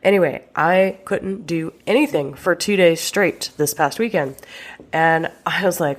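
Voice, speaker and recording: A woman's voice: fairly low pitch, normal speed. A young woman hosting her own talk show as a relationship coach, chatting casually and with exasperation, swearing and laughing, with a sinus infection. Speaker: podcast host and relationship coach. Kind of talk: casual solo podcast talk.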